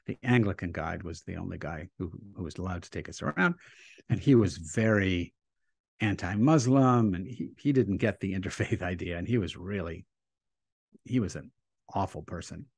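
A man, a rabbi, telling a story in a relaxed interview, animated and acting out the quotes he tells. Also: deep voice, normal speed, creaky, slightly rough, no room sound.

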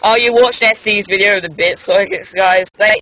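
A man from England, trading excitable, blunt banter in a casual chat over a game stream. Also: high voice, normal speed, rough recording. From southern England. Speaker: stream host.

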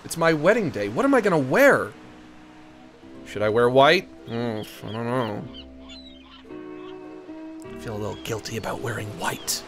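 A man's voice: medium pitch, very animated, normal speed, pauses often, music in the background. A man chatting casually on a live stream in a playful, rambling, joking way.

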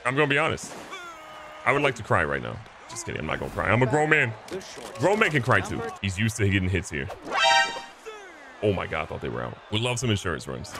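A young man casually commentating his own baseball video game, excitable and joking, swinging between hype and mock despair. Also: on the low side, quick pace, pauses often, music in the background. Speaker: gaming channel host. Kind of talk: live gameplay commentary.

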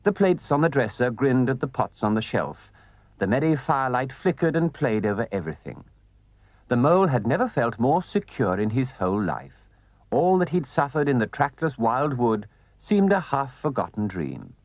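Expressive male storybook narrator. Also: mid-range voice, normal speed, no room sound.

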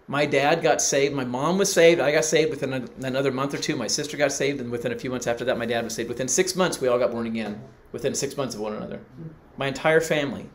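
A middle-aged man preaching, telling a personal story and acting out the people he quotes. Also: mid-range voice. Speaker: pastor. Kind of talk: sermon.

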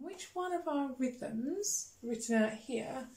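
British woman teacher, slightly high voice, slow chanting, echoey room. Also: background noise. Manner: animated storytelling, gasps and exaggerated disgust; slow, chanting rhythm words. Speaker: music teacher. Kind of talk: children's music lesson.

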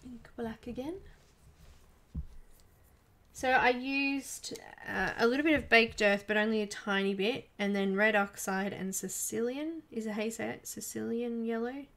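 A woman chatting casually on a live coloring stream, soft-spoken, often dropping into murmurs and whispers as she works. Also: a little high, fairly even intonation, unhurried. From Australia. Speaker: livestream coloring artist.

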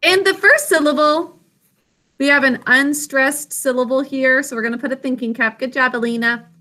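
A woman teaching young children a phonics lesson, patient and encouraging as she sounds out words slowly. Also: high-pitched, sharp tone.

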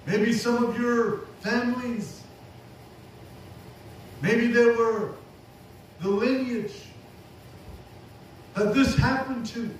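A man with a very high voice preaches slowly and deliberately, dropping amen and hallelujah between his points. He is heard from a distance in a big, echoing hall. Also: steady tone, slight background noise. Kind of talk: sermon. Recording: echoey hall recording from far off.

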